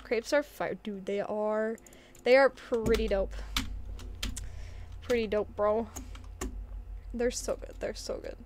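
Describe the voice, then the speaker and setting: Her voice high and her mood giggly, a young woman livestreams a game and easily gets excited while chatting casually with her audience. Typing on a keyboard and a little background noise sit under her speech.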